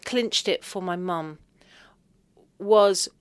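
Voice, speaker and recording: A woman, a podcast guest telling personal stories with lively, self-deprecating humor. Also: fairly low pitch, drawn-out words, clear, resonant tone. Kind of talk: conversational storytelling.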